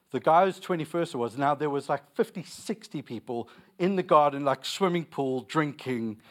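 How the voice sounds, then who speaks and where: A young man preaching a sermon, repeating lines for emphasis and telling stories with laughter. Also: a little high.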